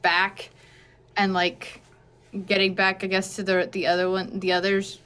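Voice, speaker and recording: A woman's voice: mid-range voice, monotone, a little slow, fairly bright tone, clear, resonant tone. A woman talks through her dice rolls and her character's actions in a tabletop game. She is casual and blunt, tossing in the odd swear word. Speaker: player.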